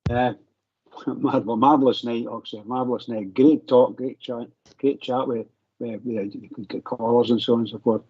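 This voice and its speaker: A man's voice: medium pitch, steady tone, normal speed, breathy edge, no echo. A Scottish man guesting on a football phone-in radio show, rambling through his thanks and rallying the fans. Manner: rambling, rallying, good-humoured. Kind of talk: casual football phone-in chat. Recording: dry, dull lo-fi audio.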